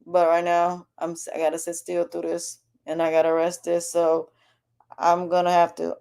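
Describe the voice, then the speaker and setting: Woman podcaster, sore throat, low warm voice, candid rambling delivery. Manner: candid, rambling, with frequent restarts. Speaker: podcast host. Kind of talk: personal health update monologue.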